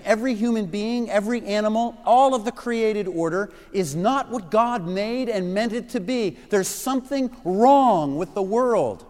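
A man's voice: high-pitched, darkish tone, in a large hall. A middle-aged man preaching an earnest, emphatic sermon to young listeners, repeating key phrases. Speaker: pastor. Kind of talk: sermon to children and youth.

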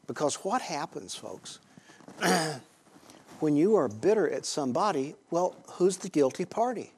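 A man's voice: a little high, lively intonation, a little mellow, breathy edge. Man telling a sermon story. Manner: halting, conversational, with many pauses and fillers. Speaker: Christian teacher speaking to a group.

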